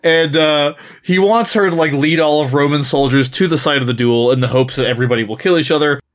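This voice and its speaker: A man's voice: on the high side, quick pace. Laughing, sweary man recapping a plot. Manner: laughing, profane, animated storytelling. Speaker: podcast co-host. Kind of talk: casual chat, retelling a book's plot.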